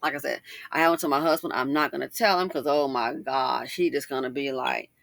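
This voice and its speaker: A middle-aged woman hosting a casual commentary monologue, chatty and animated, full of asides and emphatic rhetorical questions. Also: very deep voice, brisk, vocal fry, no room sound. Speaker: commentary channel host.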